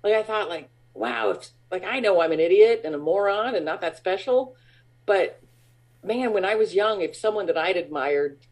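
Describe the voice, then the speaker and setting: Woman in her 40s rambling thru interview stories, tons of likes and fillers, laughing, squeaky when she mimics fans. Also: animated, moderate pace. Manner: bright high tones when acting out fans. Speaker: guest. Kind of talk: casual interview chat.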